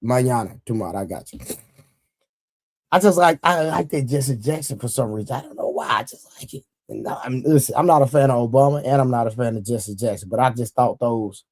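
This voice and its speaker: A livestream host with a mid-range voice talks a bit quickly, loosely repeating himself, laughing frequently and reading viewers' comments aloud to his chat. The recording is dry.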